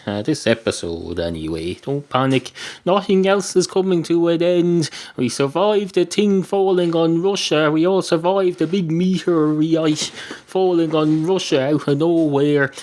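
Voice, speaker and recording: A man's voice: a little high, a little mellow. A man hosting a podcast, talking in a meandering, wry comic monologue that keeps losing its thread. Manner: meandering, self-interrupting, wry. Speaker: podcast host.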